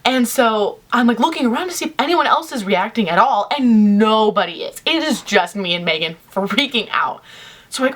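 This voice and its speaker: A woman's voice: a little high, normal speed. Chatty young woman vlogger. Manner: chatty, animated, heavy use of "like". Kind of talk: casual storytelling to camera.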